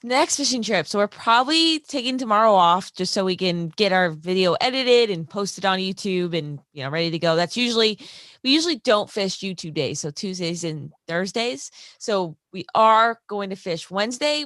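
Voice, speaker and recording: A woman speaking as a guest in a relaxed conversation, friendly and responsive. Her voice sits at a middle pitch and sounds close and dry, with no room echo. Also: normal speed. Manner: friendly, responsive, laughs along. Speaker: guest, fishing video maker. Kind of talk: casual chat.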